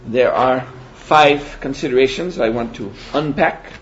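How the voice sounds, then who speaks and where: A man teaching a spiritual seminar in a measured, reflective way, often pausing to hesitate. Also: medium pitch. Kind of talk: spiritual lecture. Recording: dull lo-fi recording with faint hiss.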